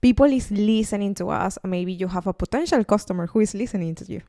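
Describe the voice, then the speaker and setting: A woman hosts a podcast conversation, affirming her guest and moving on to questions. Her voice has a middle pitch for a woman. It is recorded dry, with no room sound around it. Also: fast talker, no room sound. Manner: warmly affirming, asks questions. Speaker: podcast host.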